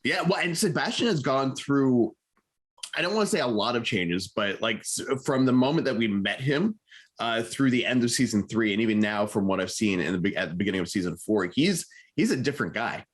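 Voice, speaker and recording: A man's voice: medium pitch, animated, brisk, slightly rough. A man interviewing an actor, asking long questions with many fillers and restarts.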